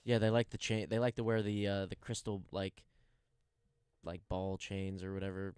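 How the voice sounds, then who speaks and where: A man's voice: deep voice, flat delivery, darkish tone, clean tone, no room sound, studio quality. A young man co-hosting a casual sports radio talk show, playful and teasing. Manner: playful, teasing, quick to laugh. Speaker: co-host. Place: radio studio. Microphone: studio microphone.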